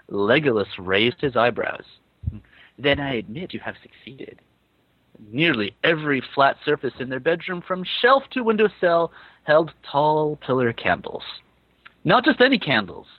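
Male host, comic dramatic reading, lively delivery, close dry mic. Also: on the high side, moderate pace, no room sound, muffled recording. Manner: reads with breaks to laugh and comment. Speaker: podcast host reading fan fiction aloud.

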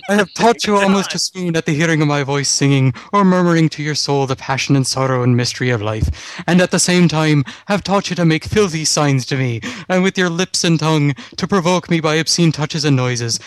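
A man reading a love letter aloud slowly and earnestly for a comedy podcast. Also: fairly high pitch, dry recording.

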